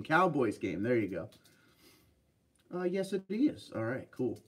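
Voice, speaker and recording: Relaxed man hosting a chat livestream. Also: mid-range voice, moderate pace, husky, far from the mic. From Pennsylvania. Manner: relaxed, chatty, reads viewer comments aloud. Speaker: livestream host reading chat. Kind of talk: casual live chat.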